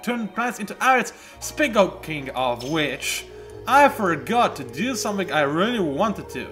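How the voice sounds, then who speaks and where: Animated game commentator, man, lively pitch swings, fairly high voice, faint music behind. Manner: animated, self-mocking, bursts of excitement. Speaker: let's play host. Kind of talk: casual video game commentary.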